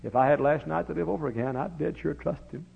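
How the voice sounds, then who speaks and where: A man's voice: a little high, quick pace, gravelly, breathy edge, voice pushed up, full character voice. A man voicing a short, eager tax collector, talking in an earnest, pleading way in a sermon story. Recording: dull lo-fi recording.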